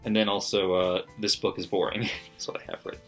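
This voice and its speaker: A man's voice: sits low, flat delivery, brisk, a bit bright. A man casually reading out his margin notes from a book, laughing often and swearing freely. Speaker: book vlogger. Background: faint background music.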